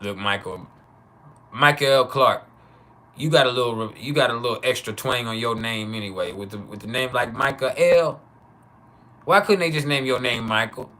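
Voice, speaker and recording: Laughing bright-voiced man on a livestream. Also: medium pitch. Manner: loose, joking, laughs often, drawn-out names. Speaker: livestream host. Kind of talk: casual live chat with viewers.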